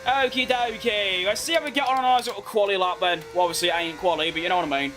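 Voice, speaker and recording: With music playing in the background, a young British man streams a racing game and chats casually to himself and his audience. His voice sits high and he talks at a quick pace, his slangy gameplay commentary full of self-mockery.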